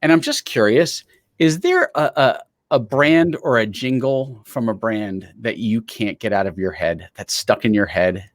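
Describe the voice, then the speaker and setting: A man's voice: mid-range voice, lively intonation, unhurried, dry recording, clean studio sound. A man hosting a podcast, chatting casually and telling anecdotes in an easygoing, laughing way. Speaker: podcast host. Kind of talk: casual interview chat.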